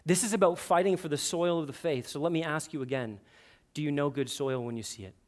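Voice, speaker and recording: A man in his thirties preaching to his congregation, his voice sitting a little high. He speaks earnestly, weaving family stories into the message and often breaking in with "listen.". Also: a little fast. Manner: earnest preaching with lively storytelling and repeated "listen". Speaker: pastor. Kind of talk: sermon. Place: church sanctuary.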